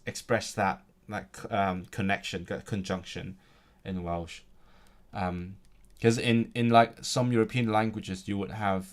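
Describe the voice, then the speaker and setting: Halting language learner, lowish voice. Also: male voice. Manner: halting, many restarts, searching for words; bursts of excitement about grammar. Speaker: language learner in an online lesson. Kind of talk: casual lesson chat.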